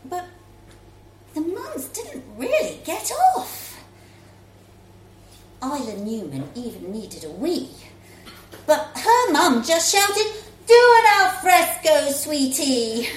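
Lively woman reading a story. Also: very high-pitched, a little hiss or hum. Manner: expressive, lively reading in a child's first person. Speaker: story reader. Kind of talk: storytelling read-aloud. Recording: roomy echo, faint room ambience.

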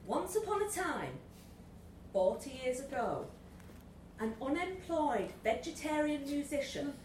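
A woman's voice: sits high, darkish tone, a little hiss or hum. A woman reading a comic story aloud to an audience, wry and playful, often laughing. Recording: echoey room from a distance.

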